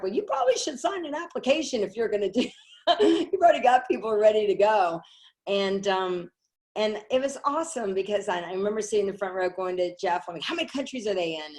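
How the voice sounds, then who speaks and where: A middle-aged woman telling a personal story on a call, animated, acting out what others said. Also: fairly low pitch. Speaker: network marketing speaker.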